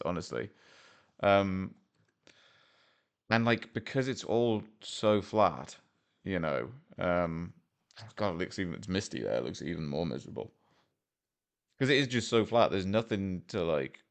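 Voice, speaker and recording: A man from Wales giving rambling, jokey, self-deprecating commentary as a vlogger, full of fillers. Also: deep voice. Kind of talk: casual commentary over a map game.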